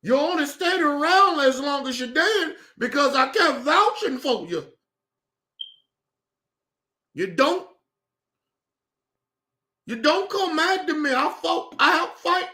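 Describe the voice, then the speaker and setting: A man with a very high, bright voice rants through a reaction stream, swinging his pitch widely as he talks in disbelief and swears freely. He speaks slowly and lets the outrage sink in. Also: expressive. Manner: incredulous, profane ranting. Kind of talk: reaction commentary.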